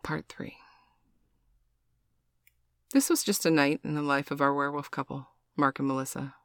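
A man reading an adult story aloud in a slow, soft, even voice. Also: on the high side, dry recording, studio quality. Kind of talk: scripted adult story narration.

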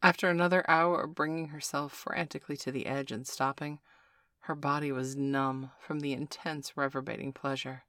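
A mid-pitched narrator reads a chapter at a steady, measured pace. The sound is dry and close, with no room echo. The delivery stays even and unhurried throughout. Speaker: audiobook narrator. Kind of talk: scripted narration of an adult story.

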